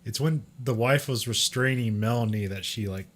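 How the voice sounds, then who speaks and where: A man's voice: medium pitch, normal speed, fairly bright tone. A man in casual podcast chat, with chatty trailing sentences and frequent laughs. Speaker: podcast co-host.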